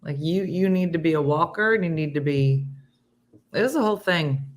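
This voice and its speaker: A middle-aged woman hosts a relaxed morning chat, her voice sitting low. She talks loosely with fillers and reads viewer comments aloud between her own remarks. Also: moderate pace. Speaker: host.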